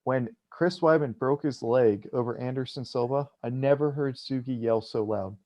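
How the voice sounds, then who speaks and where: A man on a podcast panel telling relaxed, amused anecdotes. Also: mid-range voice, moderate pace. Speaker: podcast guest. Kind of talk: casual chat.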